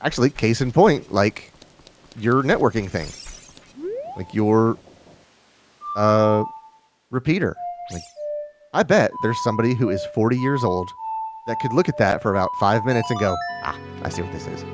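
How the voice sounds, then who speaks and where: Low-voiced man rambling over game music. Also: expressive, normal speed, pauses often. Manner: rambling, storytelling with quoted asides. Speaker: stream host. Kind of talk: casual chat while gaming.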